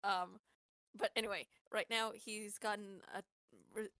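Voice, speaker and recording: Wry woman player, mid-pitched voice. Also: little pitch movement, a little slow, a bit bright, no echo, studio quality. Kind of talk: casual tabletop game talk.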